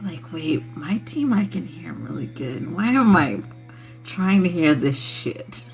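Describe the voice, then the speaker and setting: A woman's voice: low-pitched, expressive, unhurried, creaky, over music. A woman hosting a casual spiritual livestream who laughs often and swears freely in a loose, playful way. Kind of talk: casual chat with viewers.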